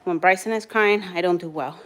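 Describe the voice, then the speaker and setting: A woman's voice: on the low side, brisk, fairly bright tone. A young woman vlogging as a mother of quadruplets, chatting casually and switching to soothing baby talk. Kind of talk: casual vlog chat.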